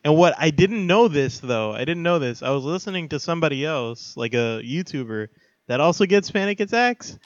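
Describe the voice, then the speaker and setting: A young man co-hosts a casual podcast in a crude, swear-laden manner, tossing out mock threats. His voice is a little high and comes through a dull, lo-fi mic in a dry room. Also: animated, moderate pace, no room sound. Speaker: podcast co-host. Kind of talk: casual chat. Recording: dull lo-fi sound.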